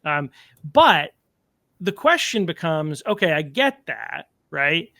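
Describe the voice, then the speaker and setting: A man's voice: fairly high pitch, very animated, takes it slowly, creaky, pushed and bright, no room sound, studio quality. A man hosting a podcast, interviewing in a casual, rambling way with many fillers and restarts. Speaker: podcast host.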